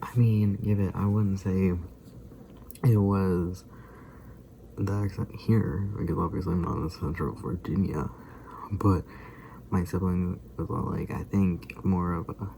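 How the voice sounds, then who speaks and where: A man's voice: low voice, fairly even intonation, a little slow, vocal fry, pauses often, dark tone, a little hiss or hum. A man in his twenties chatting casually in a rambling vlog, chuckling often as he retells things. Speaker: vlogger.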